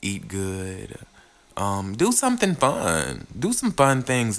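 Slow, low-voiced playful podcast man. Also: huge pitch swings, a bit bright. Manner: rambling, playful, drawn-out delivery. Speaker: podcast host. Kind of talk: casual solo podcast chat.

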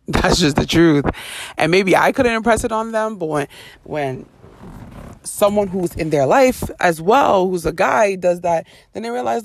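A woman with a gravelly, creaky edge to her voice talks straight into a close, dry-sounding mic. She hosts a casual storytelling monologue, animated and expressive, slipping into little voices for the people she quotes and laughing often. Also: on the low side, measured pace, dry recording. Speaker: podcast host.

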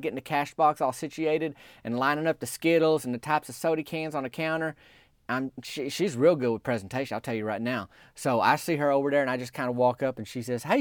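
Brief: man, folksy deadpan storyteller, rambling country drawl, dry close sound. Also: mid-range voice, no room sound. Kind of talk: deadpan comedic storytelling monologue.

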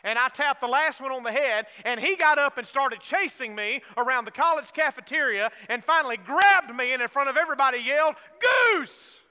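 High bright-voiced male preacher. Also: fairly quick, few pauses, smooth. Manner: preaching with call-and-response asides to the congregation. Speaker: pastor. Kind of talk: sermon. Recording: long hall reverb.

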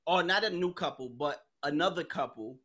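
A woman's voice: low-pitched, normal speed, a bit bright, husky. A woman hosting a podcast, chatting casually in a blunt, emphatic way and swearing freely. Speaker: podcast host. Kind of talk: casual chat.

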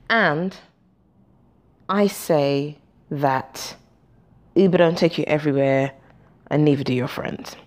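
A woman in her forties hosting a podcast, telling a story casually, swearing freely and acting out the dialogue. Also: deep voice. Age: 40s. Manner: animated, profane, acts out dialogue. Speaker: podcast host.

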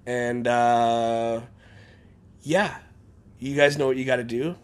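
A man's voice: mid-range voice, fairly even intonation, slow pace, smooth. A man hosting a podcast, chatting casually and loosely, calling his guest brother and man. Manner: laid-back, swears and says man and brother. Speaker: podcast host.

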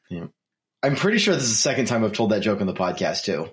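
Dry-witted man, low voice. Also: sing-song, fast talker. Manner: dry, wry asides. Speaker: podcast co-host. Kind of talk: casual chat.

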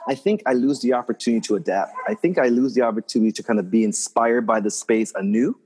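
Fast-talking husky man telling stories. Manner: animated storyteller, acts out quoted voices in a high pitch. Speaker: interior designer guest. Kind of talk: casual conversation.

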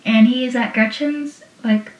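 A woman's voice: fairly high pitch, steady tone, unhurried. A young woman chatting casually as she recaps a TV episode, laughing often and using many fillers. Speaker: show recapper. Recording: roomy, distant, dull lo-fi sound.

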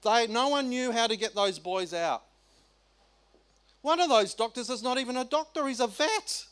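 A middle-aged Australian man preaching a sermon, animated and colloquial, firing off rhetorical questions. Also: very high-pitched, moderate pace, smooth. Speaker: pastor.

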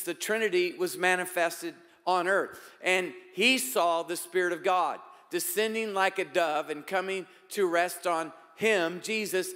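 A man preaching a sermon as pastor, shifting between emphatic raised lines and quiet asides. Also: sits high, a little slow, big-room sound.

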